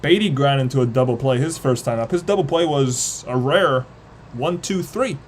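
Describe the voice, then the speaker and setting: A man's voice: moderate pace, slight background noise. Young man calling live play-by-play. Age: young adult. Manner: casual and chatty, reads viewer comments between pitches. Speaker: play-by-play streamer.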